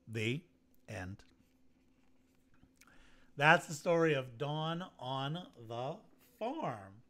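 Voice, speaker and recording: A man telling a children's animal story in a playful, animated manner, then thanking a festival audience. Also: medium pitch, very slow, long pauses.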